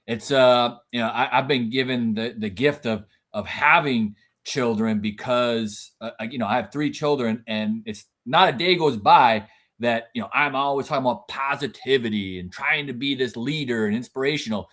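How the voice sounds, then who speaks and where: A man co-hosting a podcast in casual conversation, animated, with his voice leaping up high whenever he acts out what someone else said. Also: moderate pace. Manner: animated, jumps high when quoting others; frequent restarts and repeated words.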